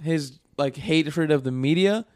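A man's voice: fairly high pitch, a little slow, darkish tone, clean tone, no room sound. A man in casual chat with friends, rambling with many "like" fillers.

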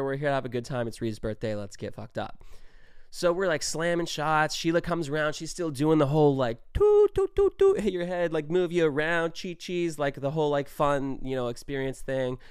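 A young man in his twenties telling a story in a casual, animated way, swearing often and stressing his words. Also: mid-range voice, smooth, dry recording, studio quality. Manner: animated, profane, emphatic storytelling.

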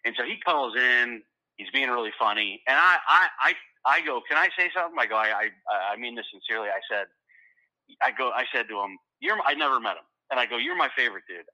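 A middle-aged man, a stand-up comedian, telling a story in loose, animated casual conversation, often repeating words as he gets excited. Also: mid-range voice, poor audio.

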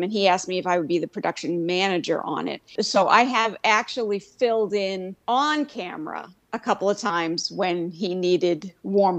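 Woman guest, mid pitch, self-deprecating anecdotes, quick to laugh. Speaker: podcast guest. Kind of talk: casual chat.

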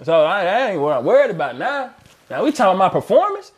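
A man's voice: high-pitched, sing-song, a little fast, breathy edge. A young man telling a boastful story animatedly in a casual chat with friends.

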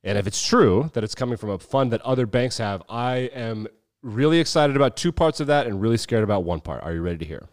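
A man in his thirties co-hosting a podcast, talking in a loose, animated way, swearing freely and mimicking people as he tells a story. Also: mid-range voice, quick pace, no room sound, clean studio sound. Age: 30s. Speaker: podcast co-host. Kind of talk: casual chat.

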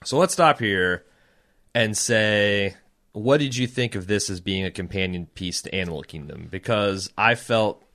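A man with a fairly low voice co-hosts a relaxed podcast conversation. He talks in a chatty, loose way and reads a listener's comments aloud from time to time. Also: unhurried. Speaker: podcast co-host.

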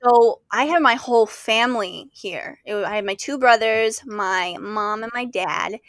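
A woman hosting a podcast interview, asking questions and telling her own story in a bubbly, expressive way. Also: on the high side, measured pace, dry recording, studio quality. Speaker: podcast host. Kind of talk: casual interview chat.

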